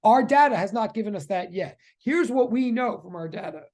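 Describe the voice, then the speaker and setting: A physics teacher with a medium-pitched voice gives a live online lecture at a fairly quick pace. Chatty and excitable, he often repeats questions to students in the chat.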